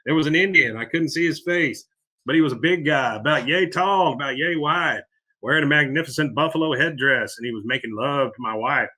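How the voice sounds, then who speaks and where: A man loosely voicing an excitable, self-deluded middle-aged man while retelling a cartoon scene, in an eager, rambling way. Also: fairly high pitch, brisk.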